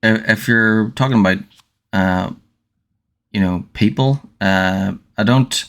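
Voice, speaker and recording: On a livestream, a man reads a novel aloud in audiobook style and chats casually with viewers. He's hesitant, full of fillers and restarts, and speaks slowly in a fairly low voice with a fairly bright tone.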